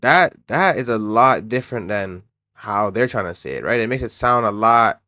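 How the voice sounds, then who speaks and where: A man fires off blunt, profane reactions in casual slang, sometimes heated and sometimes lowering his voice. The recording is dry and close. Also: lively intonation, normal speed, sharp tone, dry recording. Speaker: co-host. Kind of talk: casual commentary chat.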